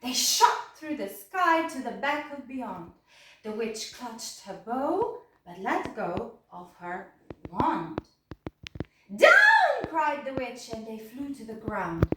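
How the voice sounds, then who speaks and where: A woman's voice: fairly high pitch, big pitch swings, slow pace, recorded from a distance, noisy background. Sing-song woman reading a picture book aloud. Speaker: storyteller. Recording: echoey room, voice a bit off-mic.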